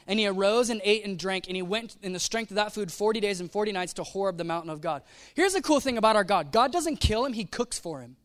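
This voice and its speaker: A man preaching a sermon in a casual, animated way, full of slang and acted-out asides. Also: high-pitched, quick pace. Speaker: pastor.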